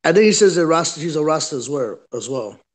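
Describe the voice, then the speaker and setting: A man's voice: fairly high pitch, big pitch swings, fast. A man hosting a livestream who tells a story in casual chat, acting out quotes and saying "right?" and "bro" often. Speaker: livestream host.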